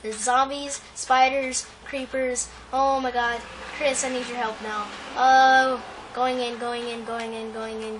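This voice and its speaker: A woman's voice: a little high, a little slow, few pauses. A woman giving live gameplay commentary as the channel host, anxious, talking to the game and repeating phrases over and over. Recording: clear steady background noise.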